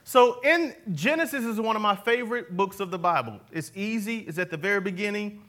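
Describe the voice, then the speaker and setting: Man, high voice, preacher, sermon, call-and-response, jokey asides, church congregation. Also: animated, a little fast, pushed and bright. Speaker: pastor. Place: church before a live congregation.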